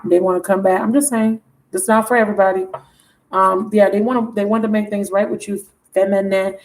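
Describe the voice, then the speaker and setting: A woman giving a casual tarot reading in an animated, chatty way, with exclamations and self-interruptions. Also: mid-range voice, brisk, rough recording. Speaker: tarot reader.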